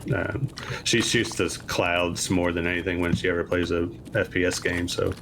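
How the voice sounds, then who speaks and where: A very deep-voiced man from Kentucky answers questions casually over voice chat, hesitating often. Noticeable noise sits under his voice. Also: moderate pace, gravelly. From Kentucky, USA. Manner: relaxed, hesitant, many fillers and restarts. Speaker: guest player.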